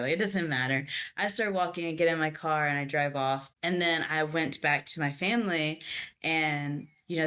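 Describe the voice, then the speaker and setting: A young adult woman, a podcast guest, telling a story in casual chat and acting out the people she quotes. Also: deep voice. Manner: animated storytelling, acts out quoted voices.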